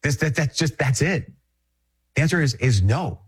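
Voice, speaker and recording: A Catholic priest from Minnesota giving a conversational, emphatic reflection, repeating phrases and chuckling often. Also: male voice, a little high, expressive, normal speed, husky. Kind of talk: spoken reflection to an audience.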